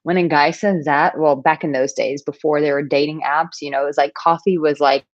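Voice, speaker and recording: Casting note: woman, 30s, dating coach, low and lively, dry muffled sound. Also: brisk, no echo. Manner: animated storytelling, playful asides. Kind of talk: casual advice talk to camera.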